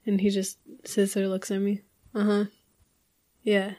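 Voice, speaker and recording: A woman's voice: medium pitch, completely flat delivery, moderate pace, dark tone. A young woman in a casual group conversation, telling personal stories in a rambling way with many fillers. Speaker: group chat participant.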